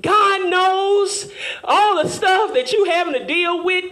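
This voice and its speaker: A woman teaching Sunday school in a fervent, call-and-response preaching manner, rising at times to shouts. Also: very high voice, slow pace.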